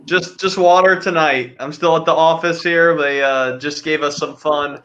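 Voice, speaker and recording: A man's voice: on the high side, fairly even intonation, normal speed, fairly bright tone, highs cut off. A man calling in from his office, co-hosting a podcast with wry, teasing remarks. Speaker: podcast co-host. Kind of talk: casual chat.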